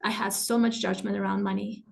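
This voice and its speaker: A middle-aged woman teaching a live online workshop, animated and laughing often as she acts out inner thoughts. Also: medium pitch, a little fast, gravelly. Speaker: masterclass teacher.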